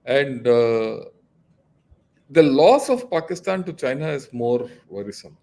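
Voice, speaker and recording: A man's voice: mid-range voice, lively intonation, slow pace, mellow. Emphatic older man lecturing. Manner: lecturing, emphatic, many fillers and restarts. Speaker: retired army general, guest analyst. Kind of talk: casual discussion.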